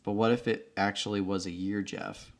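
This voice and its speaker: A man's voice: on the low side, flat delivery, normal speed. A man co-hosting a podcast, chatting casually and laughing as he retells film scenes. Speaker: podcast co-host. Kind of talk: casual chat.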